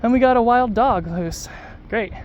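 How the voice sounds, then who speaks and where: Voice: mid-range voice, normal speed, a little hiss or hum. An adult vlogger talking casually to the camera while out on a dog walk, rambling with lots of fillers and restarts. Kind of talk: casual vlog talk to camera.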